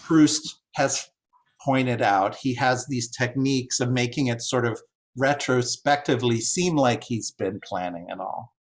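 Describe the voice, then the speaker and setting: A man talking through literary ideas in a reflective, halting way. He reaches for words, filling gaps with "like" as he builds his point, in a middle-pitched voice. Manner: musing, hesitant, many "like"s. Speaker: translator and guest speaker. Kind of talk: discussion talk, thoughtful.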